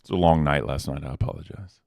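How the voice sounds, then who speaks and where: A man hosting a casual livestream, laid-back and slangy, giving hype shout-outs to the community. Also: very deep voice, fast, gravelly, no room sound, studio quality. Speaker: host.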